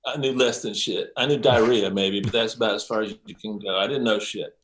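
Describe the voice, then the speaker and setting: An older man, a mix engineer as interview guest, telling stories in a lively way, acting out quotes, with many ums and some swearing. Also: fairly low pitch, brisk, a little hiss or hum. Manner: animated storyteller, acts out quotes, frequent ums and profanity. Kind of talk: casual interview storytelling.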